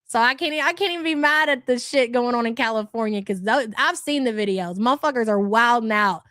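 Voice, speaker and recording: A woman with a fairly high voice rants bluntly at her livestream chat, swearing freely and laughing often. She sounds dry and close to the microphone, as if at home. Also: a little fast, a bit bright, no echo. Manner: blunt, profane, exasperated ranting. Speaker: livestream host reading chat. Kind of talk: casual livestream rant.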